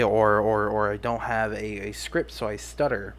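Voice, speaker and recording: A young man talks alone on his podcast in a loose, unscripted ramble, often stopping to restart his sentences. His voice sits a little on the low side. He sounds self-deprecating and casual throughout. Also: level tone, moderate pace, fairly bright tone. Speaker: podcast host. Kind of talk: casual solo podcast talk.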